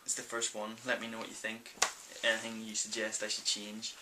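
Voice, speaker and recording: A young Northern Irish man vlogs casually, answering viewer questions in a rambling, chatty way packed with ums. His voice sits on the low side, monotone and brisk, and the recording is very noisy.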